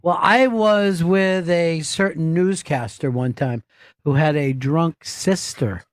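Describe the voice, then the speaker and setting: A man's voice: fairly high pitch, slow, dry recording. A man hosting a comedy talk show, bantering in a wry, blunt and profane way. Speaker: host.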